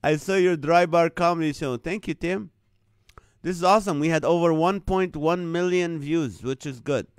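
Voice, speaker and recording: A man's voice: fairly high pitch, moderate pace, clear, resonant tone, no room sound. A man hosting a live comedy stream, chatting casually, reading viewer comments and chuckling often at the wordplay. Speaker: host of a live comedy show.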